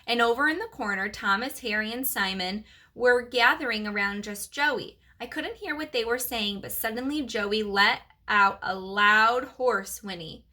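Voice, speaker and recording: A preschool teacher reading a chapter book aloud to her class, animated and expressive. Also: on the high side, a little slow, hardly any pauses.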